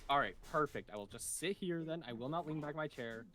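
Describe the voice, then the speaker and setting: A man's voice: a little high, animated, fairly quick, fairly bright tone, a little hiss or hum. A man answering post-match interview questions as an esports player, hesitant and often restarting his sentences. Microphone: desk mic.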